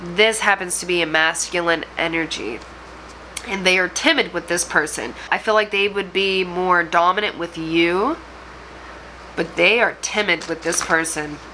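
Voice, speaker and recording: A woman's voice: fairly low pitch, a little slow, bright, forceful tone, slight background noise, rough recording. A woman tarot reader addressing viewers directly, talking in an emotional, rambling way. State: choked up. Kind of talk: channeled tarot reading to camera.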